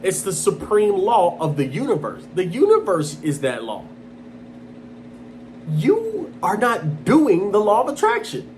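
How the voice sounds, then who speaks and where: A man delivers a fired-up motivational monologue, his raised voice swinging widely in pitch as he hammers the same points again and again. He mocks lukewarm wishes in a flat, bored tone before bursting back into intensity. Faint noise sits under the recording. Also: measured pace. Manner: intense, emphatic, repeats points, mocking quotes in a flat low voice. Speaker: motivational speaker. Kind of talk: impassioned self-help monologue.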